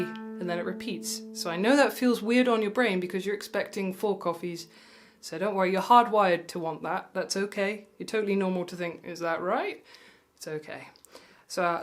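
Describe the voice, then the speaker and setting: A woman with a mid-range voice gives a mandolin lesson in a calm, reassuring way, slowly counting the beats aloud. Her own mandolin playing rings out clearly under and between her words. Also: medium pitch, over music. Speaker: music tutor.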